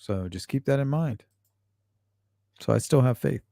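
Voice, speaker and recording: Mellow-voiced man hosting a casual livestream. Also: medium pitch, animated, unhurried, creaky, no room sound. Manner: blunt and profane, with frequent fillers. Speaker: true-crime livestream host. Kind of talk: casual livestream chat, reading viewer comments.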